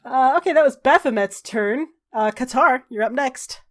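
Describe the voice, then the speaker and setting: A woman running a tabletop game as game master, narrating and calling the rules briskly with offhand fillers. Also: sits high, animated, fairly bright tone.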